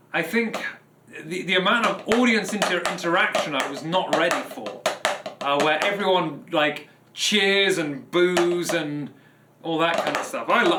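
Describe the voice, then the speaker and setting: A drummer streams live, chatting casually to his audience in a rambling way with frequent restarts. His voice is fairly high, and the recording is very noisy, in an echoey room with loud drumming behind.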